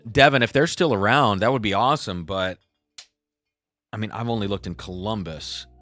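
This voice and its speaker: A man's voice: lowish voice, normal speed, a bit bright, soft background music. A young man hosting a casual live stream, chatty and reading viewer comments aloud. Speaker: livestream host.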